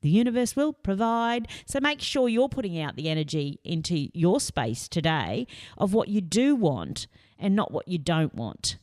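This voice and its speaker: A woman giving a lively motivational talk, telling stories and putting on voices. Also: low-pitched, moderate pace. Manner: lively, storytelling with put-on voices. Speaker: motivational speaker.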